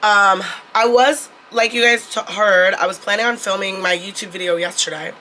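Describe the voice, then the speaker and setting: A woman's voice: medium pitch, steady tone, normal speed, pushed and bright, slight background noise. A young woman vlogging casually into her phone camera, chatty and blunt, swearing freely. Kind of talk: casual vlog talk to camera.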